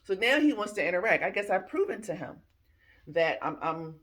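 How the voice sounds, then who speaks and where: A woman's voice: mid-range voice, very animated, brisk, fairly bright tone. A woman in her fifties, a military retiree, telling personal stories in a casual vlog, with slang and acted-out bits of dialogue. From Philadelphia, US. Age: 50s.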